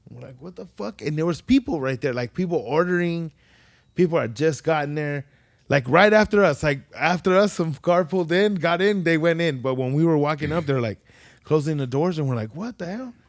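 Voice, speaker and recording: A man's voice: on the high side, fairly quick, no room sound, clean studio sound. A man telling stories in casual podcast chat, swearing freely and acting out the people he quotes. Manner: profane storytelling, animated quoted voices.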